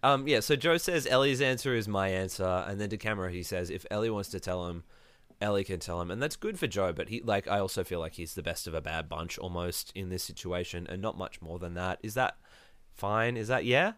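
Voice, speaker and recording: A man's voice: low voice, lively intonation, a little fast, a bit bright, dry recording. A man hosting a podcast, casually recapping a reality show with wry, dry asides. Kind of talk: casual chat.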